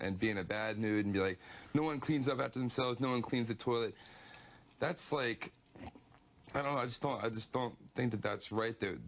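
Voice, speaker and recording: Guy with a lowish voice, griping and sarcastic in an argument. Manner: complaining, sarcastic. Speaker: reality show contestant. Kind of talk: heated house argument.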